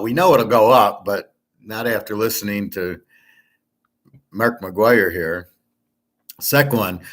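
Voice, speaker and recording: A man hosting his own channel, ranting bluntly and angrily with lots of swearing. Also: medium pitch. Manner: angry, profane, blunt. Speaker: host of a sports betting and finance channel. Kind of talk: ranting monologue to camera.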